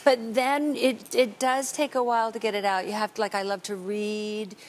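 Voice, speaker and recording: A woman guest on a talk show, chatting casually and telling lively stories, slipping into playful voices for the people she quotes. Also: mid-range voice, normal speed, slight background noise. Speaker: guest actress.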